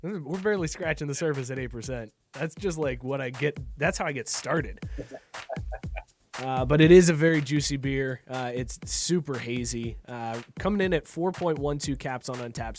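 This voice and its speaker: A man hosting a casual podcast chat over a video call, joking and laughing often at his own lines. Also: medium pitch. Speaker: podcast host.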